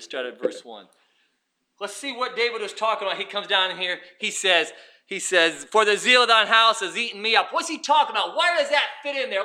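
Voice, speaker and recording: A male pastor preaching a fervent sermon, swinging between hushed passages and shouted exhortation. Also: high voice.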